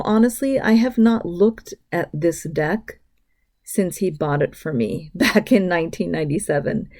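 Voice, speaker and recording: A middle-aged woman hosting her own podcast, reading listener locations aloud and chatting casually with bursts of excitement. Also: fairly low pitch. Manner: warm, gushing shout-outs to listeners, bursts of excitement. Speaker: podcast host. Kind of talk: casual solo podcast talk.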